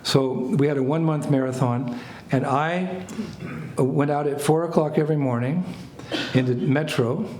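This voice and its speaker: An older American man, a spiritual teacher, telling a lively story to a small group. He laughs and acts out phrases as he goes. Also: fairly high pitch, normal speed. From United States. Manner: animated anecdotes, laughs, acts out French phrases. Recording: echoey room with faint ambient noise.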